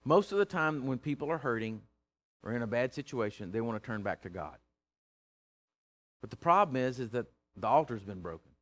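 A man preaching a sermon, folksy and teasing, swinging from loud to hushed. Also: medium pitch, animated, a little fast. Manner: plain-spoken, folksy, teasing.

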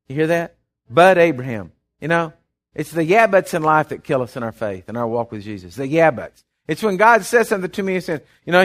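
An older man preaching a folksy sermon in a church, his voice strained and worn. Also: on the high side. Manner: preachy, folksy, with bursts of loud calls. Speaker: pastor. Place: church sanctuary with monitors and reverb.

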